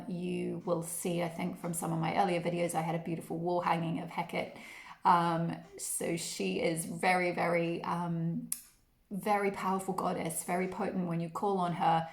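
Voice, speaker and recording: A woman giving a pick-a-card tarot reading, talking gently and rambling with many fillers and addressing the viewer fondly. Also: fairly low pitch, vocal fry, reverberant. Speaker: tarot reader.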